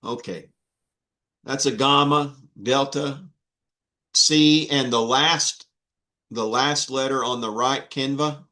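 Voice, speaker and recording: Slow, patient male Greek teacher. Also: medium pitch, steady tone, sharp tone. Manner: slow, patient, with many fillers and restarts. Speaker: Greek instructor. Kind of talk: online class teaching.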